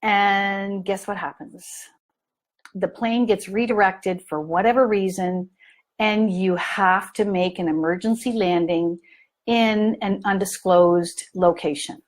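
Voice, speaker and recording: Lively storytelling woman, slow and deliberate. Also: mid-range voice. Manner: animated storytelling, acts out scenes in lively voices. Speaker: parent coach. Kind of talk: live training talk to an online audience.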